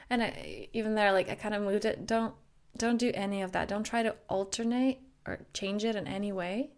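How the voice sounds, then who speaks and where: A woman coaching listeners in a podcast monologue, her voice sitting at an ordinary middle pitch. She talks earnestly and fluidly, circling back over her phrases, and slows into a guided breathing exercise. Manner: flowing, earnest, repetitive phrasing. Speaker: self-growth coach.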